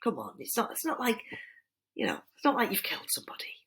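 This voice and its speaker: A woman voicing a sly, flattering male serpent tempter, wheedling and dropping into breathy whispers. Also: mid-range voice, measured pace, slight background noise. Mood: coaxing. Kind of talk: dramatized reading of a poem.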